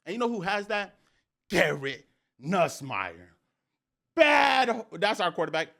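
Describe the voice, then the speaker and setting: A young man hosting a sports podcast, talking in an excited, slangy way and repeating phrases for emphasis. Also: a little high, moderate pace. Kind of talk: excited casual sports talk.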